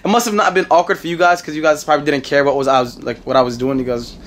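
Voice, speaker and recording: A man's voice: a little high, steady tone, rapid-fire, a bit bright, slight background noise. A young man in his twenties with a New York accent, telling a rambling story to camera in a casual vlog, repeating himself and laughing often. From United States. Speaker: vlogger.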